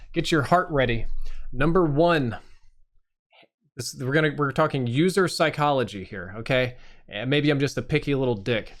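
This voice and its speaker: A man hosting a live stream, reviewing channels with blunt, casual and sometimes profane critique. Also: medium pitch.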